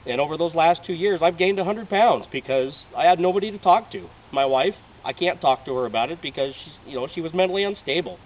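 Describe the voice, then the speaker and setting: A man's voice: a little high, fast, hardly any pauses, a little hiss or hum. A man in his late thirties making a heartfelt personal appeal to be picked, with emotional, sincere delivery. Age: 30s. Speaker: reality show applicant. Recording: distant, dull home video audio.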